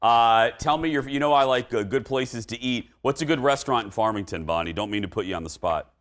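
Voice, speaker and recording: A man's voice: medium pitch, a little fast, fairly bright tone. A man hosting a studio talk show, chatty and self-deprecating.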